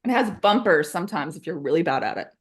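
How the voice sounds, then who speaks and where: Cheerful woman co-host, lively pitch. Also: fast, breathy edge. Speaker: podcast co-host. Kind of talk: casual chat.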